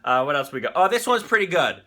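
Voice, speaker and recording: A man's voice: fairly high pitch, big pitch swings, quick pace, noisy background. A man hosting a live-stream show in loose, rambling chat, swearing freely and talking to his viewers.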